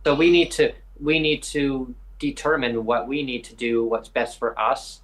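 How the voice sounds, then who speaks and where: A man's voice: mid-range voice, steady tone, a little slow, fairly bright tone, low-quality recording. A man from British Columbia, Canada, hosting a live podcast. He talks in a rambling, emphatic way with many hesitations. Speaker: podcast host. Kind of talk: live podcast advocacy talk.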